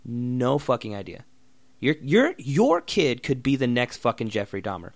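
A man's voice: medium pitch, very animated, measured pace, no echo. A young man hosting a solo podcast, ranting bluntly and sarcastically with lots of swearing. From Oregon. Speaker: podcast host.

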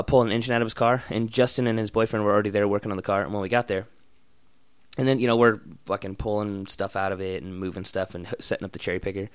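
A young man in a casual, profane rant, blunt and loud in bursts, then muttering. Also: lowish voice, dry recording. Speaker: vlogger.

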